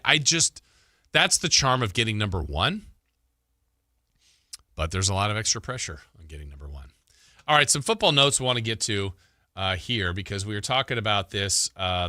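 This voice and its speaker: Bright, dry-voiced sports radio host. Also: male voice, on the low side, no echo. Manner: conversational, thinks aloud with fillers and restarts. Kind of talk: sports talk radio commentary.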